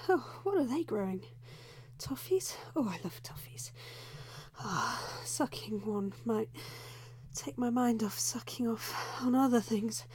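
A woman playing a flustered young undercover reporter in a whispered role-play, breathy and frantic, who keeps scolding herself and blurting curses. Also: fairly high pitch, expressive, unhurried, darkish tone.

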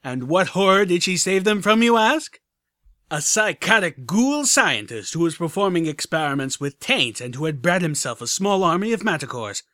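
A man voicing a boisterous male pony radio DJ with hyped, booming broadcaster patter. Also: sing-song, moderate pace, fairly bright tone, no echo, clean studio sound.

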